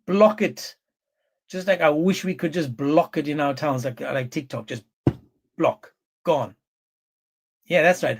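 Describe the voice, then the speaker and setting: A man hosting a livestream, talking in a forceful, scornful, repetitive way. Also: a little high, a little slow, pauses often, husky. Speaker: livestream host. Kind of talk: heated livestream commentary.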